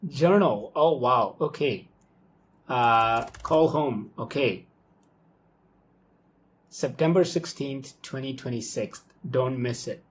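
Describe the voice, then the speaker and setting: Excitable man thinking aloud at his desk. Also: medium pitch, takes it slowly, pauses often. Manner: excitable, thinks aloud, frequent okays and ums. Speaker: software developer talking through his workflow. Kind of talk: casual live screen-recorded walkthrough.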